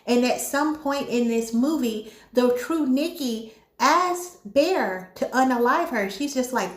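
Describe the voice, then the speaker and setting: Animated, high-voiced woman reviewing a movie. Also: slow, roomy sound. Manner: animated storytelling, talks straight to viewers. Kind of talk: casual chat.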